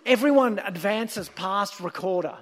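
High-voiced preacher in a reverberant hall. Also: male voice, a little slow. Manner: earnest, emphatic storytelling. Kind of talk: sermon.

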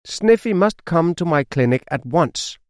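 A man voicing a calm, kind male dog doctor in a children's storybook, speaking thoughtfully. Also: on the high side, a little slow, dry recording, studio quality, voice pushed up. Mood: examining.

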